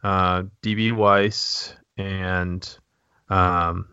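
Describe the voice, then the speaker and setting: Deep gravelly male podcast co-host. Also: little pitch movement, extremely slow, bright, forceful tone, no room sound, muffled recording. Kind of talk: casual podcast chat.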